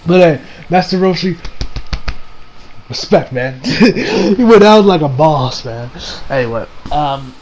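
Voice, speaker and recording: A man with a fairly high voice recapping an anime episode in an off-the-cuff way. He trails off and backtracks, using lots of slang and casual swearing. He sounds excitable throughout. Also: slow pace, a crowd in the background, poor audio. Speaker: anime reviewer.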